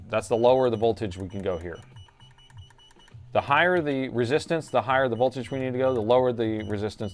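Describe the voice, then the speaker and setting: A middle-aged man hosting a live repair stream, thinking aloud as he works and chatting to viewers in a casual way. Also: on the low side. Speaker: repair technician and stream host.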